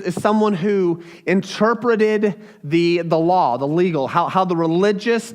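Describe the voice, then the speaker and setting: In this sermon, the preacher is a young man whose voice is very high; he keeps things loose and conversational and puts on small character voices for the quotes.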